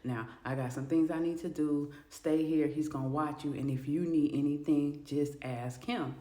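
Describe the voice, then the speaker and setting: A woman voicing a smooth-talking, controlling man who turns captor, speaking low, calm and slangy. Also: normal speed, a little hiss or hum, lightly acted. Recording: echoey room.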